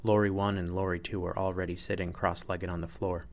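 A man with a very low voice narrates a story in an even, measured way. His reading is steady and unhurried. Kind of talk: audiobook narration.

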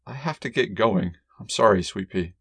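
A man voicing a gentle scientist wife. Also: fairly low pitch, moderate pace, creaky, breathy edge, dry recording, full character voice. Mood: apologetic. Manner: gentle, affectionate, uses pet names. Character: adult woman, a distracted scientist wife. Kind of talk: audiobook character voice.

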